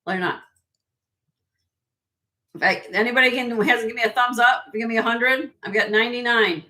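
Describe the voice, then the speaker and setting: Woman, live sale host, slightly hoarse, higher voice, crisp bright tone, laughs a lot. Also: moderate pace. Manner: chatty, laughs often. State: losing her voice. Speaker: host and jewelry seller. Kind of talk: casual live-stream sale chat.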